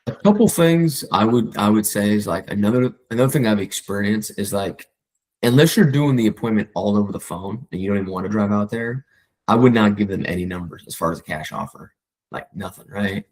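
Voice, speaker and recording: A man's voice: fairly low pitch, rough recording. A man, a real estate agent, casually coaching a colleague and acting out his calls with clients. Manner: fast, animated, acts out client calls in quoted voices.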